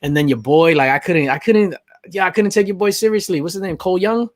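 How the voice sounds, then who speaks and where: A man hosts a casual live-stream chat, his voice sitting a touch high. The sound is dry and close, with no room around it. He reads out viewer comments in an animated way and laughs often. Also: fast, no echo. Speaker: host of a live stream show.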